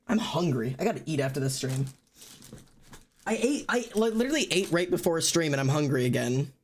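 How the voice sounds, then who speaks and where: A streamer chatting casually and loudly to live viewers, rambling and poking fun at themself. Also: medium pitch, sing-song, moderate pace. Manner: loud, rambling and self-mocking. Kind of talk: casual livestream chat to viewers.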